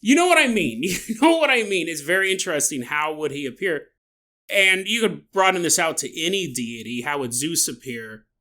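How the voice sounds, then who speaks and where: A man hosting a solo podcast who is sick with a sore, dry throat. He muses aloud in an animated, joking way and often breaks into laughter. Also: on the high side, moderate pace. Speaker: podcast host.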